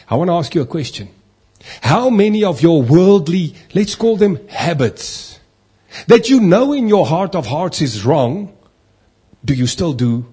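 A man's voice: on the high side, dark tone, breathy edge. A man preaching a sermon as a pastor, asking rhetorical questions and acting out the complaining voices of others.

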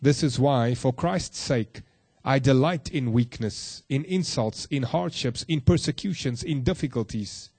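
A man preaches a sermon to a room of listeners, earnest and direct. He slows to stress key phrases and often drops to a soft, low close. The sound is dry and close, with little room echo. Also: husky. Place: room with a congregation.

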